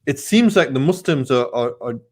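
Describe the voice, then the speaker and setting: A man's voice: mid-range voice, expressive, moderate pace, breathy edge. A man in a casual panel chat, talking conversationally and teasing the others. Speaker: panel guest.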